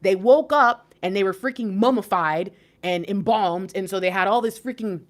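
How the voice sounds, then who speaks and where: A woman's voice: mid-range voice, moderate pace. A woman giving an intuitive spiritual reading to camera in a casual, emotional way, exclaiming often and swearing offhandedly. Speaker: intuitive tarot reader.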